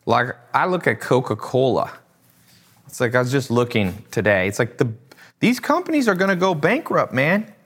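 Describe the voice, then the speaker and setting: A man's voice: medium pitch, sing-song, normal speed, a bit bright, slightly rough. A man hosting a casual livestream as an e-commerce coach, talking bluntly and with lots of animation, swearing now and then and laughing at his own jokes.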